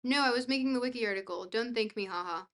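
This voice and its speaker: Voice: medium pitch, fast, fairly bright tone. A young adult streamer in casual chat, reading messages aloud and answering them in a dry, joking, rambling way.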